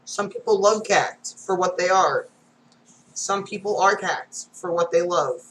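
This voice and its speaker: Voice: mid-range voice, measured pace, fairly bright tone, rough recording. A reader going through comic strips aloud, reading every panel and sound effect, with casual asides.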